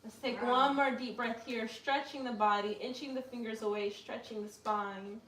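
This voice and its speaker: A woman leading a casual guided yoga class at home, giving relaxed cues with joking asides. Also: on the high side, moderate pace. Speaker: yoga instructor. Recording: echoey room, mic far off, faint noise.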